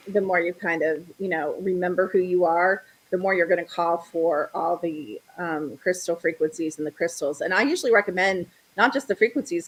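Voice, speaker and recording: A woman's voice: fairly low pitch, breathy edge, low-quality recording. A middle-aged woman, a guest on a talk show, chatting casually and acting out the people in her stories. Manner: animated storyteller, acts out quoted voices. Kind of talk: casual interview chat.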